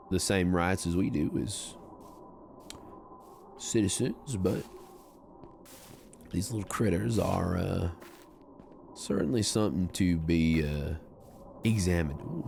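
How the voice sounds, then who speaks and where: A man's voice: sits low, gravelly, a little mellow, slight background noise, full character voice. A man doing a drawling con-man cowboy. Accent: put-on Southern drawl. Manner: folksy, drawn-out, courteous sayings. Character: smooth-talking male con man posing as a Southern cowboy. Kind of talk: streamed game role-play.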